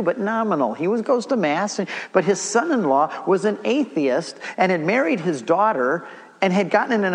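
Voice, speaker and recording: A middle-aged man giving a storytelling church talk, acting out the dialogue as he goes. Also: high voice. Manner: animated storyteller, acts out dialogue. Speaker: Catholic speaker giving a talk. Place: church hall. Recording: long reverb of a large hall.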